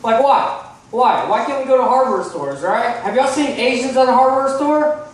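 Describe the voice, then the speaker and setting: A man's voice: very high voice, moderate pace. A man from Texas doing a stand-up set, chatty, swearing and checking in with the crowd. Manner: chatty, asks the crowd "right?" often, swears. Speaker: stand-up comedian. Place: comedy club stage. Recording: echoey club from far off.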